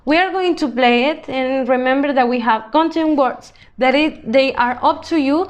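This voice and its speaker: A woman's voice: high voice, normal speed, dull audio. A woman teaching an English grammar lesson to children, speaking patiently and drawing out example words to model them.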